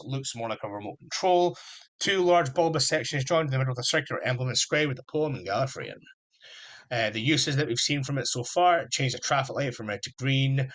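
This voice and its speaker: A man's voice: mid-range voice, a bit bright. A young adult man hosting a solo podcast, talking in an enthusiastic, rambling fan manner. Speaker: podcast host. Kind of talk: casual solo podcast chat.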